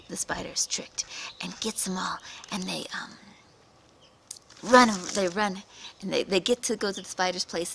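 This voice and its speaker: A woman reviewing a children's book, retelling the story in an animated, dramatic way with gasps and whispers. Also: fairly low pitch, creaky, background noise.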